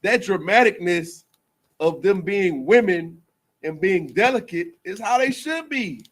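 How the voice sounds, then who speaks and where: Higher-voiced man preaching casually. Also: lively intonation, a little slow, fairly bright tone. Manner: rambling, repetitive, colloquial. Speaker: speaker in a group teaching session.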